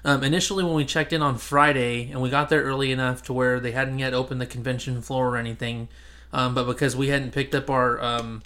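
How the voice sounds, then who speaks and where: A man's voice: medium pitch, level tone, brisk, sharp tone. Rambling male podcast host. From Central California. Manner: rambling, many fillers and restarts. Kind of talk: casual chat.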